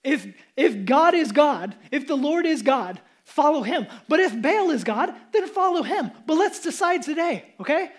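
A man's voice: very high voice, lively intonation, a little fast, hardly any pauses. A pastor voicing a bold male prophet who teases and challenges his rivals. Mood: challenging. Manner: teasing, challenging, upbeat. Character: bold taunting male prophet, confident and playful.

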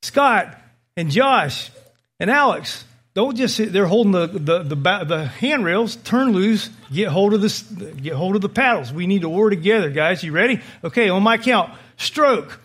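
Male preacher voicing a captain shouting urgent orders, raised high voice. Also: expressive, measured pace, slightly rough, full character voice. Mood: commanding. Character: commanding male leader barking orders on a storm-tossed boat.

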